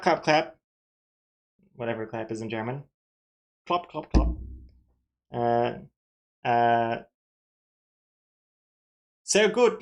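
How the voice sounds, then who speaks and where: Giggly unhurried woman from Austria. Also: rumbling low. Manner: playful, giggly, self-mocking. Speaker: streamer. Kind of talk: casual live stream chat.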